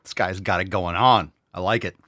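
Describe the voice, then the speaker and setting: A man's voice: low-pitched, fairly even intonation, bright, forceful tone, dry recording, clean studio sound. A man hosting a reaction show, commenting crudely and sarcastically on clips. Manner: crude, sarcastic, quick asides. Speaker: host.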